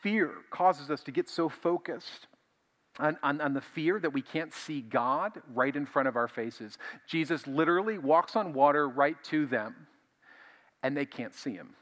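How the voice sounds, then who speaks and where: A male pastor preaching a conversational, animated sermon, often repeating himself as he builds a point. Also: on the high side, a little slow.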